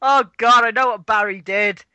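A woman's voice: fairly high pitch, normal speed, bright, forceful tone, clear, resonant tone. An English woman chatting casually, ranting with lots of swearing. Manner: sweary, ranting, laughing often. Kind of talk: casual chat.

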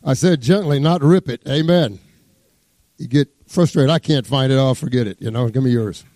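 A man preaching a sermon as pastor, fervent, swinging between loud exclamations and hushed asides as he reads scripture. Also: medium pitch, moderate pace, dry recording. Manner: exclaims praise words, reads scripture aloud.

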